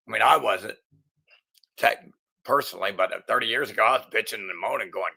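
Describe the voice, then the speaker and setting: A middle-aged channel host delivers his own angry monologue in a strained, piercingly tense voice, low with a gravelly rasp beneath it and a sharp tone. He swears constantly, stumbles into restarts, and pushes on agitatedly at a slightly fast pace.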